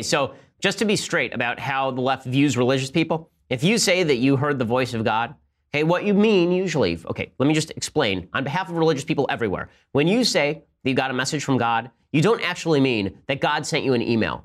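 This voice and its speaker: A man hosting a political commentary podcast. He fires off sarcastic, combative points at a very quick pace. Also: medium pitch, expressive. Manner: combative, sarcastic, rapid-fire. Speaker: podcast host.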